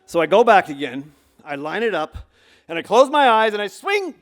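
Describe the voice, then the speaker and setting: Middle-aged guy doing live storytelling on stage, kinda high voice, gets loud and animated. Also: normal speed. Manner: animated, acts out the shouts of coaches. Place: stage before a live audience.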